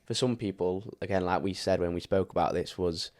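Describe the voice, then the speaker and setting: A man's voice: deep voice, a little fast, darkish tone. A man, a fitness coach co-hosting a podcast, explaining training advice at length in a casual chatty way with fillers.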